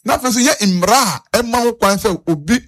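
A Ghanaian man speaks in a high, earnest voice. He presses his points and repeats them as he moves between Twi and English. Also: brisk, fairly bright tone. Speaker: interviewee. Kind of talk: street interview on national issues.

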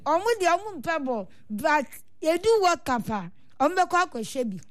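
A Ghanaian woman with a high voice speaks in an earnest, complaining tone as a supporters' union leader answering interview questions. Her voice sounds dry and close, with no room echo. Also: sing-song, unhurried. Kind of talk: interview answers, mixing Twi and English.

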